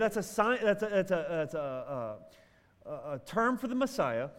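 A male pastor delivering a sermon, moving between loud emphatic bursts and quiet, drawn-out phrases. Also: sits high, expressive. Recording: long hall reverb.

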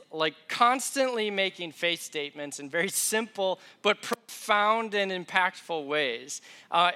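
Bright-voiced young male preacher. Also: a little high. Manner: conversational, self-deprecating storytelling. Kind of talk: sermon.

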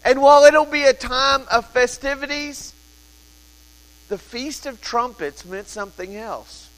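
A man's voice: very high voice, measured pace, fairly bright tone, long reverb tail, low-quality recording. A man in his thirties, a pastor telling a family story in a sermon, then preaching in an earnest, urgent way.

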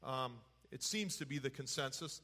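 A man's voice: mid-range voice, normal speed, bright, forceful tone. A man teaching from the Bible in a folksy, conversational way, retelling scripture in everyday words.

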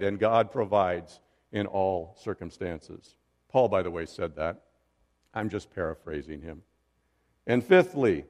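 A man's voice: mid-range voice, a little mellow, big-room sound. A middle-aged man preaching a sermon to his congregation in a conversational way, with joking asides. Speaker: pastor. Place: church sanctuary.

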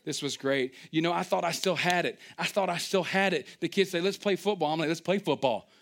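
A man preaching a sermon, animated and storytelling, who acts out little scenes with sudden high-pitched outbursts and drops into quiet asides. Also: a little fast, vocal fry. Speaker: pastor.

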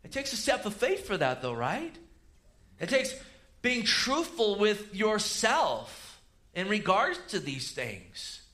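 A man preaching a sermon, swinging between loud emphatic rises and low quiet asides. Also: wildly swooping pitch, takes it slowly. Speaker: pastor.

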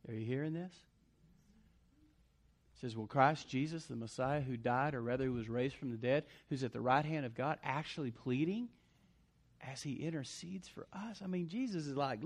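A man preaching a sermon as pastor, swinging between loud punchy lines and quiet asides. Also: medium pitch, normal speed.

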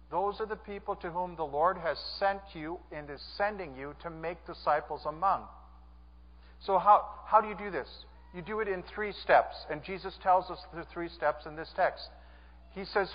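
A man preaches a sermon in a fairly high voice, earnest, repeating his phrases and calling on the congregation to answer. The sound is a little dull and muffled. A long reverb from the church sanctuary trails after every line.

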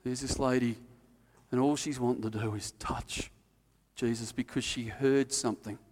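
A man preaching a sermon, telling a story and acting out the quotes, then dropping to quiet, earnest emphasis. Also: mid-range voice, steady tone, moderate pace, in a large hall. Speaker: pastor.

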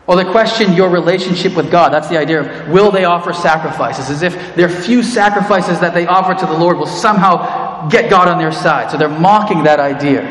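A man's voice: on the high side, normal speed, a bit bright, a little hiss or hum. A man preaching a sermon as pastor, earnest, speaking to the congregation as friends. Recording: echoey hall with long reverb.

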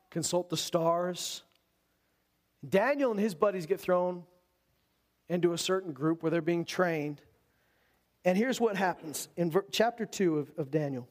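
A man preaching a sermon, reading scripture aloud and retelling it in a conversational, animated storytelling way. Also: a little high.

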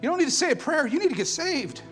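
A man preaching a sermon with passion, firing rhetorical questions and swinging between loud declarations and hushed intensity. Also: extremely high pitch, very animated, fast talker, faint music behind.

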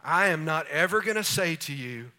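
A man preaching with a bright, forward tone and a pitch sitting a little above typical. His delivery is animated, and he slips into small acted-out scenes to illustrate his points. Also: normal speed. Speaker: pastor. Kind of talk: sermon.

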